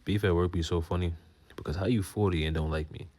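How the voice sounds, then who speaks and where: A young man ranting to camera about work beef, animated and slangy, laughing often. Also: low voice, quick pace. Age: young adult. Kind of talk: comedic rant to camera.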